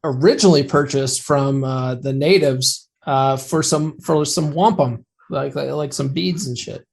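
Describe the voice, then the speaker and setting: A man's voice: medium pitch, a little slow, vocal fry, husky. A man hosting a podcast interview, chatting in an easygoing way and laughing often. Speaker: podcast host. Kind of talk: casual interview chat.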